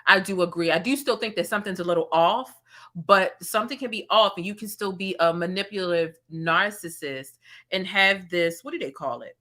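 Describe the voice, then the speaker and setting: A woman's voice: fairly low pitch, brisk, bright, forceful tone. A woman hosting a livestream commentary, reading super chats and making sarcastic, mocking asides. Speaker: commentary channel host.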